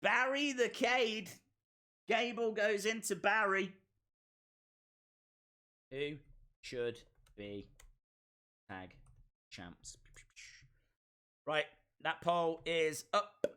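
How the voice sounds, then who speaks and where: A man hosting a live stream, reacting to a wrestling show in excitable, chatty, self-mocking commentary. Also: high voice, drawn-out words, pauses often.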